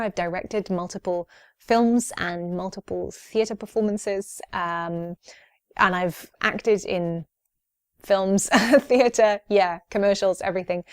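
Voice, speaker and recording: A woman's voice: mid-range voice, darkish tone, no room sound, studio quality. A young woman from Wales, answering viewer questions in a casual vlog at home, chatty with frequent ums. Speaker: YouTuber. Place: her home.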